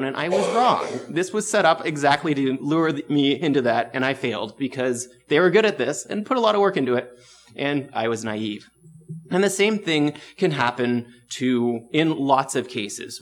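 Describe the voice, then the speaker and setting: A man's voice: a little high, fairly bright tone. A young man preaching a casual, conversational sermon, telling a story against himself and laughing at his own mistakes.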